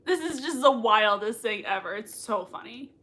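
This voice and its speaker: A woman hosting a live reaction stream from home, her voice sharp, bright and pitched a little high. She gushes over what she watches and breaks into laughter often. She reads viewer comments aloud in a quick, excitable chat. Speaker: livestream reaction host.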